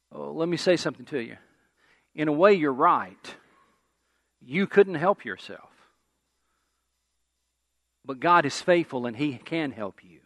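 Bright high-voiced male pastor preaching. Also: no echo. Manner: preaching with call-and-response to the congregation; repeats key phrases for emphasis, slows on scripture. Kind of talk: sermon.

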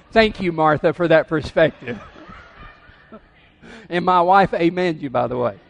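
A man's voice: a little high, lively intonation, slow, creaky, pauses often. A middle-aged male pastor preaching a sermon in a church, conversational and teasing the congregation. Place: church sanctuary.

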